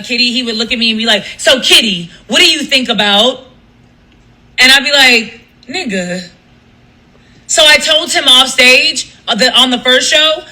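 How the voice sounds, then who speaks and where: Talking directly to her viewers on a casual livestream, a radio host and live streamer sounds fed up and emphatic in a high, bright, forceful voice over poor audio. She swears freely, keeps circling back and restarting sentences, and it all comes across as loose and improvised rather than scripted.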